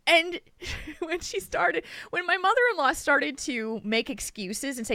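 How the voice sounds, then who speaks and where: Bright, emphatic woman podcast host. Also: sits high, a little slow, no echo. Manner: animated, emphatic, laughs often. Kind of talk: casual chat, storytelling.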